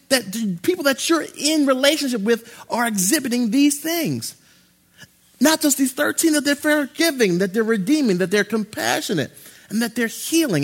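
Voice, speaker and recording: A man with a high, husky voice delivers a sermon as a pastor. He swings between loud, excited preaching and low, hushed moments.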